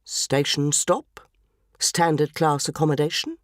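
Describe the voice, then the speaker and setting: A woman's voice: sits low, lively intonation, measured pace, dry recording, clean studio sound, voice pushed down. A woman voicing a solemn, middle-aged male police inspector who speaks in a stiff, formal, dutiful way. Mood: grave.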